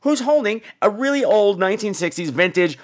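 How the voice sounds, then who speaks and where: A man with a high-pitched, expressive voice talks briskly as he hosts a podcast reviewing horror films. His review is casual and comedic, sarcastic and profane, and he acts out the scenes as he goes.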